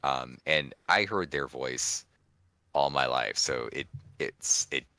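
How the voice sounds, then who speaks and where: Very deep-voiced man chatting on a podcast. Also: slow, bright, forceful tone, clean tone, dry recording. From DC area, USA. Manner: rambling, self-correcting. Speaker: podcast co-host. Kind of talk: casual podcast chat.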